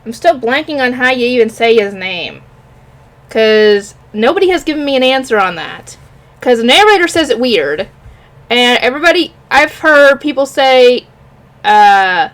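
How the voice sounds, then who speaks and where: A woman talking casually on her own about an anime episode, rambling and often stopping to search for names. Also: fairly high pitch. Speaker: anime reviewer. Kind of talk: casual solo review.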